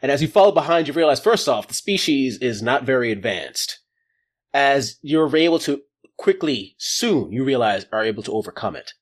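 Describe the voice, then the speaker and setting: A man's voice: mid-range voice, animated, normal speed. A man running a tabletop role-playing game as game master, joking about how his plans went wrong. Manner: jokey, laughing at his own plans going wrong.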